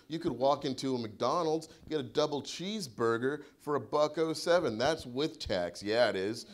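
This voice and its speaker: Guy doing stand-up, swearing a lot, goes from low mutter to yelling, middle pitch. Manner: profane, swings from mutters to furious shouting in retold rants. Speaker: stand-up comedian. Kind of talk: stand-up set. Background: audience laughter.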